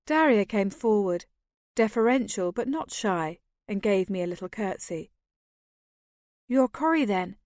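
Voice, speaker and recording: A woman's voice: medium pitch, normal speed, a little mellow, no room sound, studio quality. A woman reading a fantasy novel aloud as audiobook narrator. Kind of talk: scripted narration.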